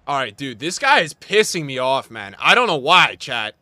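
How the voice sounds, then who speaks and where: A young man giving live commentary on a football video game as he plays, swinging from mumbled asides to loud outbursts. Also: medium pitch, very animated, moderate pace, no room sound. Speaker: gaming streamer.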